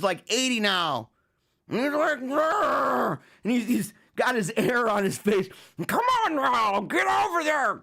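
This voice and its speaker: A man's voice: sits high, a bit bright. A man hosting a talk show, talking in a casual, joking monologue and acting out little scenes with frequent chuckles. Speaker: show host.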